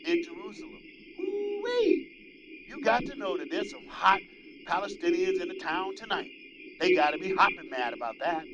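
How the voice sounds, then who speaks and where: High-voiced man ranting on his show. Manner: animated, preachy, mocking. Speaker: host. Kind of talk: political commentary monologue. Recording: dull lo-fi with loud crowd noise.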